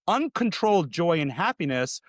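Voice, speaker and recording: A man who is an executive coach and a podcast guest, talking in an animated, conversational coaching manner that often acts out quoted voices. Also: fairly high pitch, normal speed, no room sound, clean studio sound.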